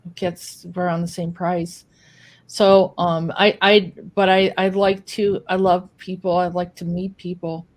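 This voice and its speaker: A woman answering questions as a podcast guest, speaking hesitantly with many pauses and restarts. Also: on the low side, flat delivery. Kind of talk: casual interview answers.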